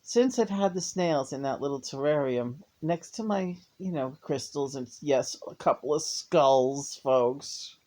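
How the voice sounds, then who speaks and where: A woman talking in a loose, casual vlogger monologue. She gets excitable fast, peppering her talk with swearing and bursts of laughter. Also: deep voice.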